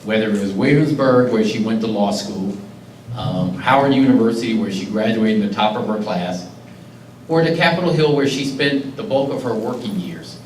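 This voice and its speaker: Speaking at a moderate pace in a lowish voice, a middle-aged man who serves as county executive earnestly recounts an emotional personal story during a public speech. He's in a community meeting hall, captured by a distant mic in a roomy recording with faint ambience and slight background noise.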